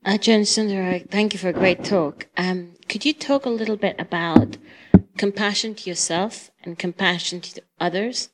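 A woman from the audience puts a question to the speaker. She is polite and slightly hesitant, and she pauses on fillers as she shapes her thought. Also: medium pitch, noisy background. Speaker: audience member asking a question.

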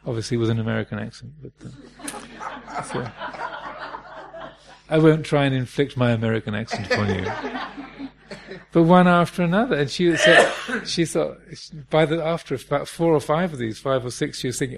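A man giving a reflective Dharma talk as a meditation teacher, pausing often and restarting his phrases. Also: fairly high pitch, lively intonation, creaky. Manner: reflective, halting, many fillers and restarts.

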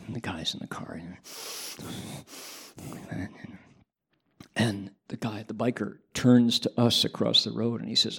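Gravelly, husky storytelling monk. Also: male voice, on the low side, normal speed, pauses often. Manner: animated storyteller who adds sound effects and acts out voices. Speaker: Buddhist monk giving a dharma talk. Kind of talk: storytelling sermon.

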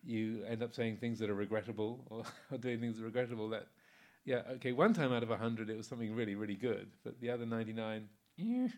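A Buddhist monk in his sixties gives a casual Dharma talk, telling anecdotes in a relaxed way, full of fillers and frequent chuckles. His voice is fairly low, and he speaks fast with hardly any pauses.

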